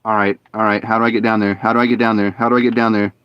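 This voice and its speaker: A man's voice: fairly low pitch, flat delivery, very fast, clear, resonant tone, dry recording, dull audio. Frustrated man streaming a game. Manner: frustrated, muttering and complaining. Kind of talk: live gameplay commentary.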